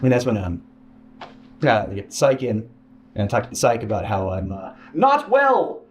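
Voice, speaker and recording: A man telling a painful personal story as an interview guest, halting and restarting, quoting others in a raised voice. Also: a little mellow, dull audio. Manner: halting, many restarts, mimics others in higher voice. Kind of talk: emotional personal account. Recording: echoey room with faint hiss.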